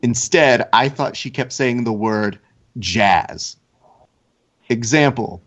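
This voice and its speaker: A man's voice: mid-range voice, measured pace, fairly bright tone. Laid-back man telling a story, lo-fi. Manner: laid-back storyteller, mimics others with a put-on accent. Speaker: podcast co-host. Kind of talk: casual podcast chat. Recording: slightly dull lo-fi audio.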